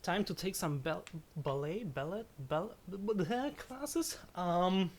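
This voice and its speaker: A woman's voice: on the low side, lively intonation, slow pace, slight background noise. Giggly, stammering woman streamer. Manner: giggly, stammers and restarts often; self-deprecating, swears when startled. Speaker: game streamer. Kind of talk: casual live-stream chat. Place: at home.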